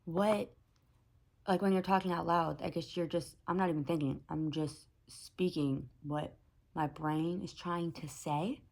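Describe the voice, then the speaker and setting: A young woman with a low voice talks to her camera in a loose, unscripted monologue. She thinks out loud, backtracks often and fills pauses with "like" as her thoughts wander. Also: steady tone, creaky. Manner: thinking aloud, many fillers and self-corrections. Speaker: vlogger.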